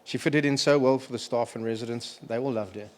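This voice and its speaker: Emotion keeps interrupting a middle-aged man as he eulogizes a family member at a memorial, and he stops to clear his throat. His voice is medium in pitch with a somewhat dark tone.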